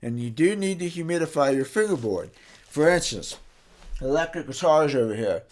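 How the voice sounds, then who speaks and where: A man's voice: on the high side, animated, moderate pace. A man in a guitar workshop giving a casual, folksy how-to demonstration, chatting along and correcting himself as he goes. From New Mexico, US. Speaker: guitar repair teacher.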